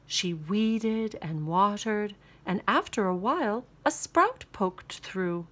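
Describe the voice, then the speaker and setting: A woman narrating a children's picture book aloud in a slow, unhurried manner. Her pitch rises and falls in a lively sing-song, and her tone is bright and clear. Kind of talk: storybook read-aloud.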